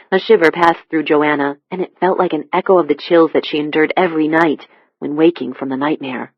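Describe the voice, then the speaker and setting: An audiobook narrator reading a thriller in a steady, measured way. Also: medium pitch, no echo, dull audio. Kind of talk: scripted narration.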